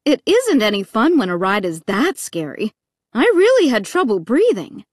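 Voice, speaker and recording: A woman's voice: on the high side, huge pitch swings, moderate pace, no room sound, clean studio sound. A woman voicing an anxious, breathless mother. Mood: worried. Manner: breathless, worried.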